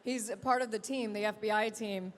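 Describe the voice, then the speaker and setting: A female actress chatting as a guest in an interview, lively and joking. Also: medium pitch, a little fast. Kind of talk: casual interview chat. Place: convention event hall. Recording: reverberant hall with faint crowd ambience.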